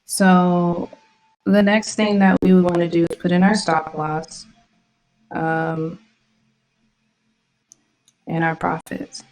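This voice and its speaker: A woman's voice: lowish voice, darkish tone, poor audio. A woman vlogging her trades in casual live commentary, slangy and irritated, swearing often. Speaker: trading vlogger.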